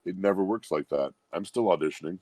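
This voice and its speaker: Very deep-voiced man, humble and reflective. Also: fast, darkish tone, dry recording. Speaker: guest voice actor. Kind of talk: relaxed interview conversation.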